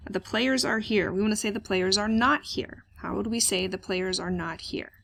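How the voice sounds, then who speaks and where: A woman's voice: medium pitch, moderate pace, creaky, fairly bright tone. A woman teaching a German grammar lesson, explaining step by step and asking questions she then answers. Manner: explains step by step, asks questions aloud and answers them, many "uh" fillers. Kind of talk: classroom grammar lecture.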